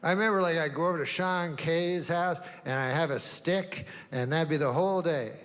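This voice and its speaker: An older man doing a deadpan stand-up set, rambling through long setups with drawn-out pauses and sudden asides. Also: a little high, big-room sound. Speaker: stand-up comedian.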